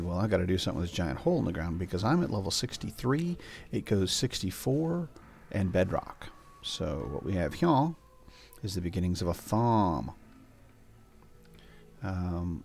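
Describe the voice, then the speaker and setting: A man's voice: low voice, creaky, a little mellow. An older man hosting a gameplay video, chatting casually in a rambling way. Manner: rambling, chatty, coos at his pets. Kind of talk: casual let's-play commentary. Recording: faint background music.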